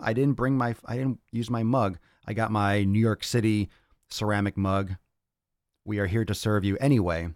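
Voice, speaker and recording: A man's voice: fairly low pitch, no echo, clean studio sound. A man hosting a casual fitness podcast, blunt and crude, joking and repeating himself as he rambles. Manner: repeats phrases, restless rambling delivery. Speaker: podcast host.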